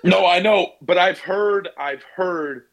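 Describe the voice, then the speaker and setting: A man's voice: high voice, slow, gravelly, a bit bright, poor audio. A young man from Pennsylvania, a basketball player being interviewed, talking casually and at length with fillers, restarts and little voices for the people in his stories. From Pennsylvania, USA. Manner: chatty storyteller, fillers and restarts, mimics people in quotes.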